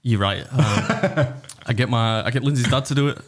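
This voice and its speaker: A man's voice: mid-range voice, moderate pace, a little hiss or hum. An English man, a podcast co-host and video creator, chatting casually and rambling through stories with frequent restarts. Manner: rambling, self-interrupting storyteller.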